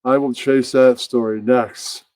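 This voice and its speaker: Slow, low-key man hosting a puppet show. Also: fairly even intonation, darkish tone, no echo. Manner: rambling, mumbles to himself between bits. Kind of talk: casual comedic narration.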